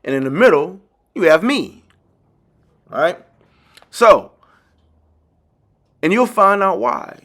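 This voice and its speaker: A man with a high, sing-song voice hosts a lecture-style video lesson as teacher and channel host, speaking slowly and pausing often. Emphatic and insistent, he repeats key phrases and talks straight to viewers, calling them ladies and gentlemen.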